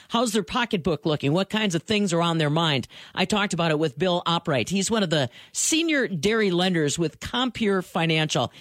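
A woman's voice: medium pitch, no echo, studio quality. A woman hosting a farm radio show, interviewing a guest in a friendly, conversational way.

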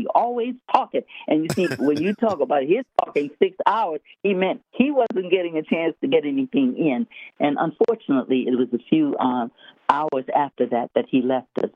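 A man's voice: mid-range voice, dry recording. A man, a guest author on a radio interview, telling long anecdotes with frequent restarts. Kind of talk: storytelling interview. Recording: tinny phone line.

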